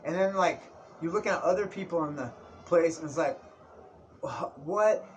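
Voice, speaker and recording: A man's voice: on the high side, a little fast, heavy background noise. Profane, slangy man telling a story. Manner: profane, slangy, keeps saying dude and bro. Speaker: vlogger. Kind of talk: casual comedic storytelling. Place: indoors, Tijuana area.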